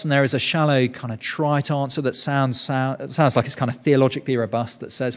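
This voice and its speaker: A man's voice: medium pitch, fairly even intonation, a little fast, hardly any pauses. A man preaching a sermon, explaining scripture earnestly and often restarting his sentences. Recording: reverberant hall.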